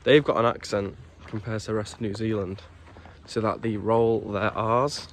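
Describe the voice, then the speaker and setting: A man's voice: lowish voice, fairly even intonation, normal speed, a little hiss or hum. A man filming a casual travel vlog while hiking a coastal trail, chatty and teasing, laughing often. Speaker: travel vlogger. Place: outdoors on a coastal walking trail.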